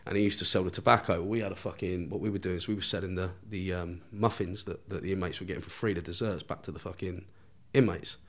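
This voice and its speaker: A man's voice: sits low, fairly even intonation, fast talker, hardly any pauses, a bit bright. A man, a podcast guest telling a story in casual chat, swearing constantly and laughing along with his own tale.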